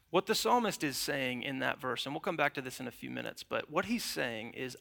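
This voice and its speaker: A young man preaching a sermon, opening with a lively, conversational personal story before moving into scripture. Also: medium pitch, brisk, creaky. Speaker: pastor. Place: church.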